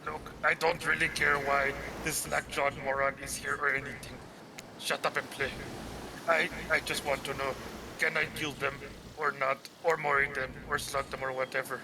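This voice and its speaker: A man voicing a brutish, boastful male masked killer who talks in gruff insults. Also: medium pitch, level tone, normal speed, noisy background, pitched above the performer's own voice, close to an everyday voice. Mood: impatient.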